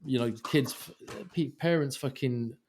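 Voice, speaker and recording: A man's voice: medium pitch, measured pace, darkish tone, a little hiss or hum. A man with a London accent co-hosting a podcast, casual, blunt and profane, full of street slang. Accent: London English. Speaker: podcast co-host. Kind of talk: casual chat.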